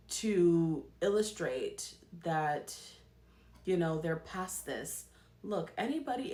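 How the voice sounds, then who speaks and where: A woman talks through casual commentary as a podcast host, pressing her points and repeating them for stress. Her voice sits a little low, and the room around her is echoey. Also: darkish tone. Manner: emphatic, repeats herself for stress.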